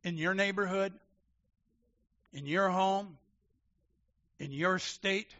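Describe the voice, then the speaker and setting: Emphatic preacher man, bright voice. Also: sits high, slow. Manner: emphatic and animated, swinging from loud declarations to quiet asides. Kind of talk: sermon. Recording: dull lo-fi sound.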